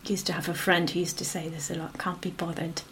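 Woman, dharma talk, gentle, soft, whispery trailing phrases, lower voice, faint background hiss. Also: level tone. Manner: gentle and unhurried, often fading to a whisper; frequent affirming "yeah" between phrases. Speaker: meditation teacher.

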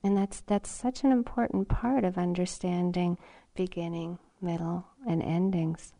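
A woman meditation teacher giving a gentle, reflective dharma talk at a retreat center, sometimes laughing softly or dropping to a whisper. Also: on the low side, fairly even intonation, unhurried.

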